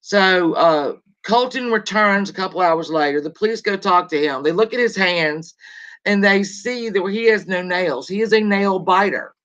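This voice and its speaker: A woman's voice: mid-range voice, normal speed, a bit bright. A woman hosting a casual gossip livestream, rambling and greeting viewers as she tells the story. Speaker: show host. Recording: lo-fi dull sound.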